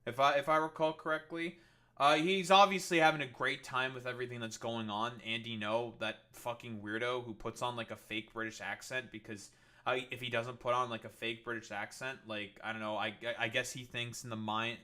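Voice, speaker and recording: A man's voice: mid-range voice, steady tone, brisk, bright, forceful tone. A man ranting sarcastically and swearing constantly as he reacts to news clips on a livestream, full of fillers like "uh" and "like". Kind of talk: political commentary livestream.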